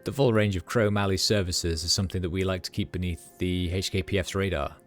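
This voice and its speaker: A man's voice: deep voice, steady tone, fairly quick, soft background music, lightly acted. A man doing a hungover Midwestern street doctor. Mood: easygoing. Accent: Midwestern American. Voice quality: loose, words piling together. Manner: jokey, laid-back, boastful. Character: hungover cheerful middle-aged male street doctor. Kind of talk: reading game dialogue aloud on a livestream.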